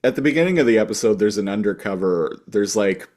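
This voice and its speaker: A man's voice: on the low side, animated, fast talker, a little mellow. A man co-hosting a podcast in casual chat, talking loosely with lots of "like". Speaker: podcast co-host.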